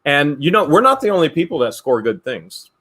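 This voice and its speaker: Casting: male co-host, bright forceful voice, playful banter, casual chat. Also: on the high side, brisk. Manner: joking, animated storyteller.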